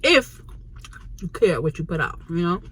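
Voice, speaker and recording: A woman's voice: lowish voice, sing-song, moderate pace, fairly bright tone, slight background noise. Chatty New York woman vlogging. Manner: slangy, chatty, blunt. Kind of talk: casual storytelling vlog. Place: Chinese restaurant, indoors.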